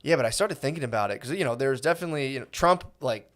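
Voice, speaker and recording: A man's voice: mid-range voice, expressive, fast talker. Rambling, swearing male podcast co-host. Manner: rambling, profane, lots of fillers and mock quotes. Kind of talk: casual chat.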